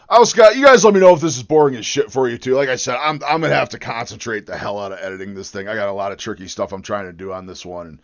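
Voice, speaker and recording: A man's voice: mid-range voice, fast talker, highs cut off. An American man livestreaming while he edits a video, chatting in a rambling, joking and profane way. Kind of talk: live-stream chat while video editing.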